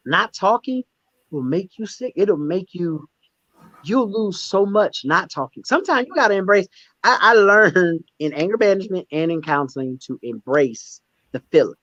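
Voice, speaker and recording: A man telling candid stories as a guest in a conversational interview, emphatic and animated, often repeating words as he restarts. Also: high voice, normal speed, no echo, muffled recording. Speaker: stand-up comedian and guest.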